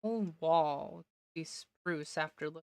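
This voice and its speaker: A woman's voice: sits low, slow pace, a little mellow, dry recording. A woman streamer giving casual gameplay commentary, talking to herself and laughing often, her voice slightly worn. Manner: chatty self-talk, laughs often.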